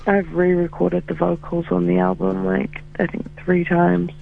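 A man, a musician in a band, chatting casually in an interview, full of fillers and quick laughs, heard over a phone call. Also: sits high, little pitch movement, vocal fry. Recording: tinny phone line.

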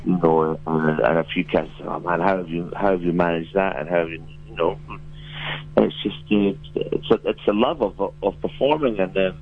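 A man with a very deep voice and a New Zealand accent talks in a relaxed, rambling way, full of "you know" and restarts. He comes through a dull, muffled phone line with a faint hum underneath. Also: normal speed, gravelly. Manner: laid-back, rambling, many fillers and restarts. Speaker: musician and actor guest. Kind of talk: casual phone interview.

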